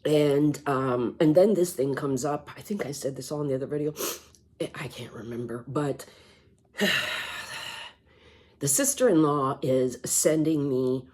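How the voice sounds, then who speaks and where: A middle-aged woman telling a personal story in a vlog, halting and sighing, often restarting her words. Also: sits low, darkish tone. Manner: halting, repeats words, sighs. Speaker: vlogger.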